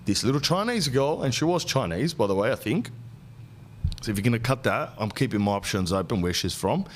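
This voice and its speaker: Bloke in his forties, podcast host, ranting comic anecdotes, lively swooping pitch. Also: fairly quick, a little hiss or hum. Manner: ranting, animated anecdotes with slang. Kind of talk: comic storytelling.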